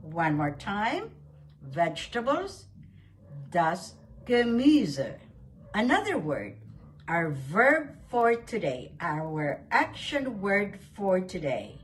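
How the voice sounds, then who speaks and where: A woman hosting a radio German lesson, saying each word slowly and carefully and then repeating it. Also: on the low side, wildly swooping pitch, a bit bright, a little hiss or hum. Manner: slow, carefully enunciated teaching with repeated phrases. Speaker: German language segment host. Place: radio studio.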